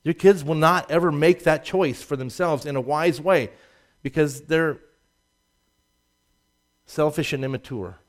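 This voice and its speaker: A man preaching a sermon, swinging from loud emphatic rises to low asides and laughing at his own jokes. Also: measured pace, pauses often. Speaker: pastor.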